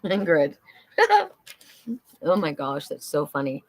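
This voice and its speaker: A woman's voice: sits low, wildly swooping pitch, slow. A middle-aged woman hosting a live oracle card reading, chatty and upbeat as she talks to viewers. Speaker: oracle card reader and psychic host.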